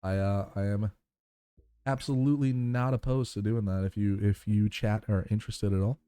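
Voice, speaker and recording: A man's voice: fairly low pitch, steady tone, moderate pace, mellow, smooth, dry recording. A man streaming live and chatting casually with his viewers, thankful and rambling with lots of fillers.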